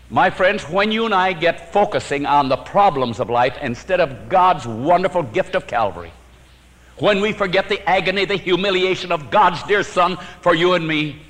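A man preaching a sermon, telling his own story with sudden swings from emphatic to hushed and chuckling at his own jokes. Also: on the high side, in a large hall, poor audio.

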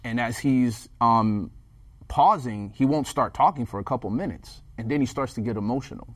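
A man's voice: mid-range voice, normal speed, slightly rough, no room sound, studio quality. A man in casual conversation as a podcast co-host, telling a story with energy and acting out the people he quotes. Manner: animated storyteller who acts out the people he quotes. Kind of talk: casual chat.

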